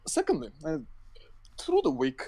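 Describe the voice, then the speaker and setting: A man's voice: fairly high pitch, wildly swooping pitch, moderate pace, mellow, low-quality recording. A man co-hosting a podcast in casual chat, rambling and swearing often, with many fillers and restarts. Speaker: podcast co-host.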